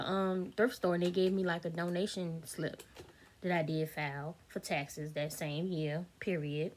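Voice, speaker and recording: A woman, telling a storytime vlog straight to her viewers, candid, blunt and swearing freely. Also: mid-range voice. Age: 30s. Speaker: vlogger.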